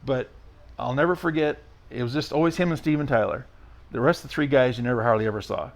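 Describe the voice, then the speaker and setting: A man in his sixties, a retired race car driver as a podcast guest, telling stories in a blunt, rough-spoken, rambling way. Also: mid-range voice, quick pace. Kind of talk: casual storytelling interview.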